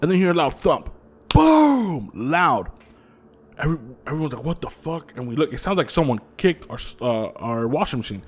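A man co-hosting a podcast, telling a story in casual chat, animated and profane, laughing often. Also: medium pitch, a little fast, breathy edge. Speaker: podcast co-host.

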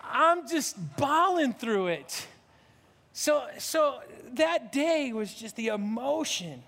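A man in his fifties preaching a sermon as a pastor, animated and emotional, often restarting his sentences. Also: extremely high pitch, takes it slowly, gravelly, big-room sound. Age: 50s.

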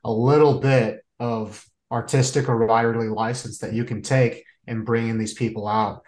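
A man co-hosts a casual podcast conversation. His voice sits at a middle pitch, and he talks chattily with plenty of filler words. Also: steady tone, moderate pace, a little mellow, low-quality recording.

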